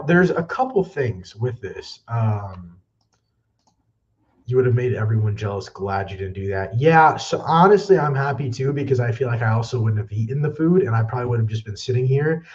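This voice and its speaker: A young adult man with a medium-pitched, slightly mellow voice and lively intonation chats at a moderate pace on his movie news livestream. Somewhat out of breath, he wanders off topic, apologizes, and mocks himself. The recording is dull and lo-fi because he's on a backup mic instead of his usual one.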